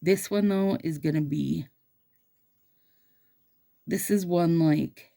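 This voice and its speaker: This woman's voice is warm and on the low side, with vocal fry and a slow pace. As a nail stylist vlogger, she chats in a bubbly, casual way about her nails and addresses her viewers as "you guys."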